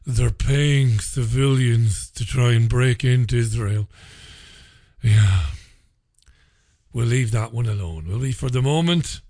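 A man's voice: medium pitch, takes it slowly, long pauses, dark tone, no room sound, clean studio sound. A man hosting a radio talk show, delivering an opinionated, sarcastic and profane monologue. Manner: sarcastic, profane, ranting with mocking laughter.

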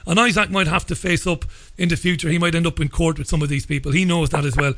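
A middle-aged man with an Irish accent hosting a talk radio interview, speaking in a measured, deliberate way and often restarting his sentences. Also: on the high side, fairly even intonation, fairly bright tone, dry recording. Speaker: radio host.

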